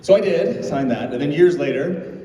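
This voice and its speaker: A man's voice: a little high, normal speed. A middle-aged man telling comedy stories on a convention stage, laughing and acting out the voices of people in his stories. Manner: animated, laughing, acts out quoted voices. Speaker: stand-up comedian. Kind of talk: stand-up storytelling. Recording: echoey hall from far off.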